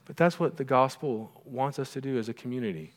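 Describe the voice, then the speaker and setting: A middle-aged male pastor preaching a sermon in a relaxed, conversational way, often checking in with the congregation with quick asides. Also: mid-range voice. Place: church sanctuary. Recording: long reverb of a church hall.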